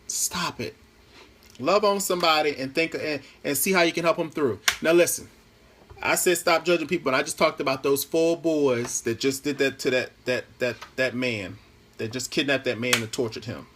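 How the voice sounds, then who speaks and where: A man's voice: medium pitch, moderate pace, background noise. A man talking into his phone on a live stream from home, chatty and rambling, mixing playful jokes with earnest pleas. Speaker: Facebook Live host. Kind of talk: casual live-stream monologue.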